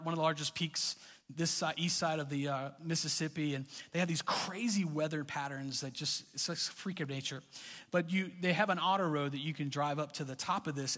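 Man preaching, middle-aged, talks like he's chatting then gets animated, big echoey church room. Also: fairly high pitch. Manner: conversational, storytelling, rising to animated bursts. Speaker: pastor. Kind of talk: sermon. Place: church hall. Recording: reverberant church hall.

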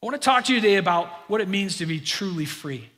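A middle-aged man preaching a sermon to his congregation, animated and joking with them in asides. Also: high-pitched, fast. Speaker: pastor. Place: church sanctuary. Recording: long reverb of a large hall.

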